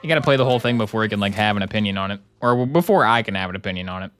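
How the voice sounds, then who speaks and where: A man streams a video game live, racing along in a lowish, smooth, slightly bright voice with lively intonation. He jokes, grumbles sarcastically about the game, talks to his chat, and thanks subscribers.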